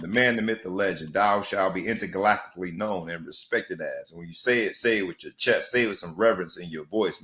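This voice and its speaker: A man's voice: fairly low pitch, bright, forceful tone. A man hosting a sports talk show, theatrical and rhyming with big swings in emphasis. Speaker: host. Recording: echoey room.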